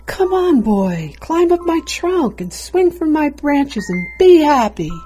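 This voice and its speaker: A woman reading a storybook, voicing a gentle, giving female apple tree in a tender, coaxing way. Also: medium pitch, lively intonation, slow, faint music behind.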